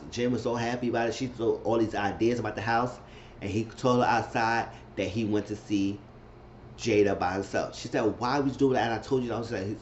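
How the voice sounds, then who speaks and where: A man's voice: medium pitch, a little hiss or hum. Casual male recap vlogger, talky and repetitive, dull home mic sound. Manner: chatty, repeats himself, acts out quotes in shifting voices.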